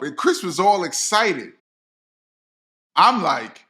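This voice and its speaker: A middle-aged man, a DJ telling a personal story straight to his viewers in a slangy, animated way. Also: a little high, a little slow, long pauses. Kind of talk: storytelling to camera.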